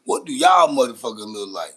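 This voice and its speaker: A man's voice: on the low side, lively intonation, brisk, a bit bright, breathy edge. A man with a Los Angeles accent hosting a casual live-stream chat, teasing his viewers in brash, profane banter. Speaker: host.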